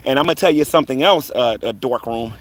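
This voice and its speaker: A man's voice: mid-range voice, quick pace, a little hiss or hum. Man ranting combatively on a live stream. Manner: combative and taunting, rambling with fillers. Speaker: online commentator on a live stream.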